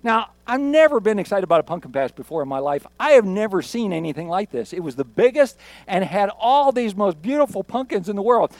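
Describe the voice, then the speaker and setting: A man's voice: high voice, sing-song, fairly quick, dry recording. A man preaching a sermon as pastor, talking in a conversational, jokey way with emphatic repeats.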